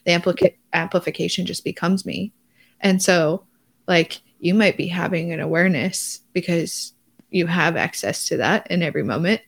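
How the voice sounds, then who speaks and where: A woman's voice: on the low side, normal speed, gravelly. A young woman co-hosting a podcast, talking casually in an effusive, rambling way full of restarts. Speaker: podcast co-host. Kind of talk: casual chat.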